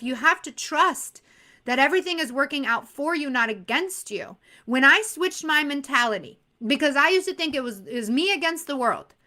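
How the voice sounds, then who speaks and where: Bright, high-voiced energetic woman instructor. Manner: energetic and emphatic, laughs often. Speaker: exam prep instructor. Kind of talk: motivational talk to students.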